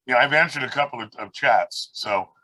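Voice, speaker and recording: A man's voice: medium pitch, moderate pace, bright, forceful tone, no echo, rough recording. A man on a video call telling long rambling stories about his life and his birds, acting out the people he quotes. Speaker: guest speaker, parrot rescue founder. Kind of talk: casual storytelling on a video call.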